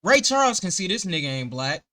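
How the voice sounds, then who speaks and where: A man's voice: high voice, big pitch swings, fairly quick, pushed and bright. A young man hosting a reaction video, talking back at the screen in profane, exasperated commentary. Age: young adult.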